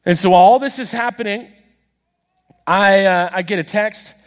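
A man preaching a sermon, telling a story with animated, self-deprecating humor and acting out the dialogue himself. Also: high-pitched, normal speed. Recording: long reverb of a large hall.

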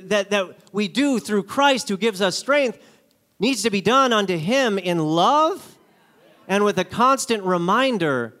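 Male guest preacher, high voice, animated storyteller who acts out characters. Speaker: guest speaker. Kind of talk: sermon with acted-out stories.

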